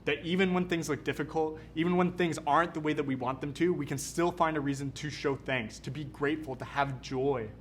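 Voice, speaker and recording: A young man from Canada, a youth pastor giving an energetic, conversational sermon. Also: a little high, a little fast, few pauses, slight background noise. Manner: energetic, casual, conversational preaching.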